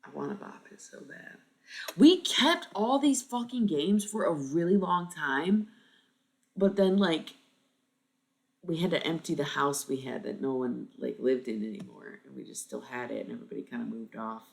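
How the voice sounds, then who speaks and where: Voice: medium pitch, moderate pace, creaky. A streamer around thirty chatting casually with viewers, thinking aloud and swearing freely. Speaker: live streamer.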